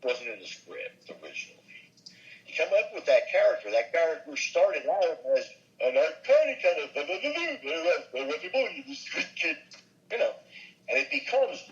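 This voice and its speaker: A man's voice: fairly high pitch, measured pace, muffled recording. An older man, a voice actor and comedian, telling show-business stories in an interview and slipping into character voices. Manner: animated, slips into character voices. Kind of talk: anecdotal interview storytelling.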